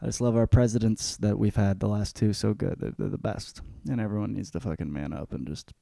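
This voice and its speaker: A young adult man hosting a podcast, delivering an ironic comedic rant full of swearing, jumping between shouting and muttering. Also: on the low side, steady tone, brisk, vocal fry, dry recording, studio quality. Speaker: podcast host.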